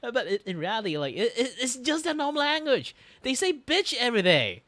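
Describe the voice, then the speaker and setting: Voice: mid-range voice, brisk, dry recording. An art streamer reacting in casual chat, rambling with lots of fillers. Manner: rambling, many fillers, animated.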